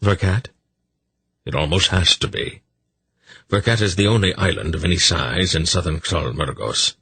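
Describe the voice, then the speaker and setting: A man voicing an old male sorcerer in an audiobook, dry and measured, with a gravelly, husky voice. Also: low-pitched, bright, forceful tone, exaggerated voice. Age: older.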